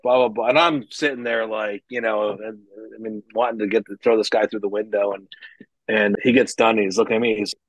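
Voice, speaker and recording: A man telling stories from his business career in a casual podcast chat, acting out what people said with animated energy and frequent laughs. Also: medium pitch, husky, no room sound, low-quality recording. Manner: animated, acts out quoted dialogue, frequent laughs.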